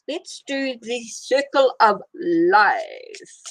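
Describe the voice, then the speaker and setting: A woman's voice: a little high, animated, drawn-out words, fairly bright tone. A middle-aged woman hosting a casual live tarot stream, rambling as she greets viewers and answers their comments. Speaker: tarot reader hosting a livestream.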